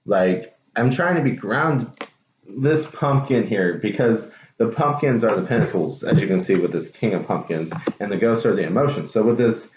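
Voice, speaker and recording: A man's voice: fairly low pitch, moderate pace. A man giving a casual, chatty tarot reading to viewers, with lots of fillers and trailing thoughts. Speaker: tarot reader. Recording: dull echoey room with faint noise.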